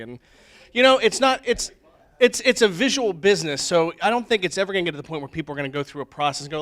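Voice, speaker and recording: A man's voice: on the high side, expressive, fast, a bit bright. A man speaking on a conference panel in a casual, joking way, putting on voices to mimic assistants.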